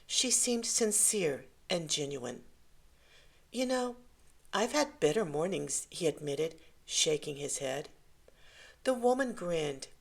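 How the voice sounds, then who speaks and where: A woman reading a short story aloud in a gentle, measured way. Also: on the low side, creaky. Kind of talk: scripted story narration.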